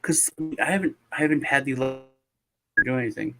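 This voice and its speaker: A man's voice: mid-range voice, a little fast, pushed and bright, faint music behind. A man hosting a show, telling a long story in casual chat over a video call, with lots of restarts and sighs. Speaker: show host.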